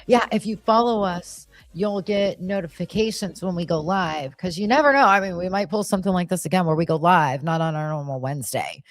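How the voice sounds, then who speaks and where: A woman's voice: fairly low pitch, a little fast, hardly any pauses, no echo. A woman co-hosting a podcast, talking in a laid-back, self-deprecating, casual way. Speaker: podcast co-host. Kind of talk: casual chat.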